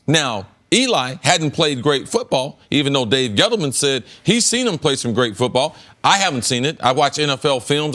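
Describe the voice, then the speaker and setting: A man's voice: a little high, sing-song, moderate pace, hardly any pauses, fairly bright tone. A middle-aged man, a former pro athlete, giving emphatic sports debate commentary and repeating words as he builds his point. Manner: emphatic, repeats words, rises sharply when making a point. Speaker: former pro football player turned analyst.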